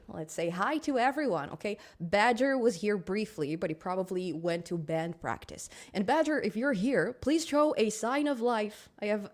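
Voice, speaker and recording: Chatty woman hosting a live stream. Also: medium pitch. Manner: chatty and upbeat, laughs often, lots of ums. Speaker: livestream host of a programming channel. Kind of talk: casual live-stream chat with viewers.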